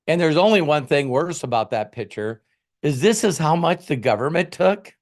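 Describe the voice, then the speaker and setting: A man's voice: fairly high pitch, animated, moderate pace. A man hosting a casual motivational talk, rambling conversationally and acting out little scenes. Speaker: host, motivational coach.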